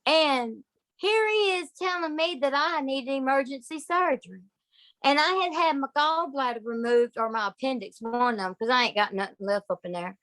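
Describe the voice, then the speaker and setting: A woman's voice: high-pitched, moderate pace, a bit bright, no room sound. A woman telling a personal story in a folksy, emphatic way, speaking straight to her listeners. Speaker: guest sharing testimony.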